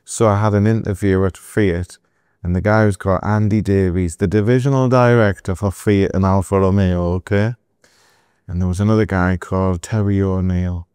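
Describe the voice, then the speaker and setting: A middle-aged man from England, telling animated stories as a guest in a podcast interview, with asides to the host. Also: low voice, moderate pace, clean tone, no room sound, studio quality. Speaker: entrepreneur guest.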